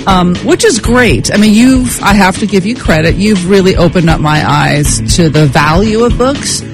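A woman's voice: mid-range voice, expressive, normal speed, music in the background, poor audio. A middle-aged woman co-hosting a podcast in casual conversation, chatty and self-deprecating, laughing often. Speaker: podcast co-host.

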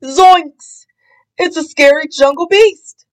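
A woman voicing a jittery, cowardly, always-hungry young man in a storybook read-aloud, with an excitable, yelping delivery. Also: high voice, measured pace, voice pushed up.

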